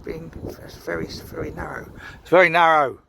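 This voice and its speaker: A man's voice: a little high, fairly even intonation, normal speed, vocal fry, heavy background noise. A British man vlogging outdoors by a canal, rambling and sweary, a bit tipsy after a beer, ranting heatedly. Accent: British English. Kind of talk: casual outdoor vlog rant.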